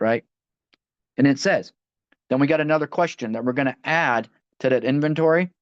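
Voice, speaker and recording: A man's voice: mid-range voice, a little fast, no room sound. A man leading a line-by-line recovery book study, talking conversationally and often restarting phrases as he reads passages aloud. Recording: dull, dry lo-fi audio.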